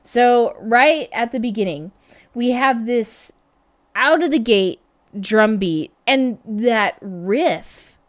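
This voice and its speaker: A woman hosting a music reaction, talking casually about a song, laughing often and humming the riffs out loud. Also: on the high side, animated, takes it slowly. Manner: chatty, laughs often, hums and scats riffs. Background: faint music.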